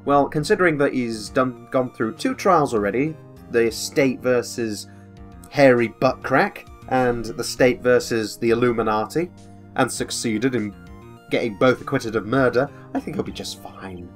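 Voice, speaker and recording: A man's voice: medium pitch, normal speed, soft background music. A man giving sardonic, rambling let's-play commentary with frequent swearing. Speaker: game commentator.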